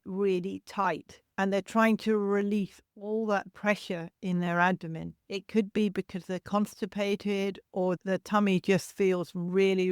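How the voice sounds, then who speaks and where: A woman hosts a solo parenting podcast in a gentle, reassuring voice, as if teaching a class. Her speech sounds close and dry, with no room sound around it. She pauses now and then to imitate a baby's cry. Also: mid-range voice, smooth, no echo. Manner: imitates baby cries to demonstrate. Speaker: podcast host and childcare educator.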